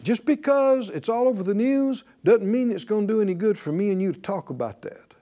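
A man's voice: high-pitched, animated, a little fast, dark tone. A man preaching a sermon to a class in a conversational way, calling on them to repeat after him. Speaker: pastor teaching a class.

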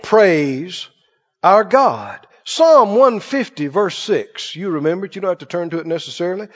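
A man preaching with a high, lively voice that swoops up and down as he tells folksy stories to his congregation. The recording is dull and lo-fi, and his voice rings in a long hall reverb. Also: normal speed. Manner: folksy storytelling, asks the congregation "Right?". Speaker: pastor. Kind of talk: sermon.

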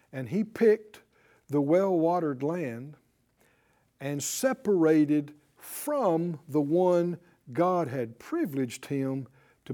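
A man's voice: sits high, warm tone. A middle-aged man preaching a sermon to a congregation, drawing out emphatic phrases and calling for responses. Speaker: pastor.

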